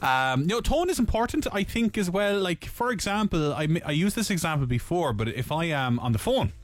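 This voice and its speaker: A man co-hosting a radio show, excitable and jokey, laughing often. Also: a little high, moderate pace, dry recording. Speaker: radio co-host. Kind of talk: casual chat.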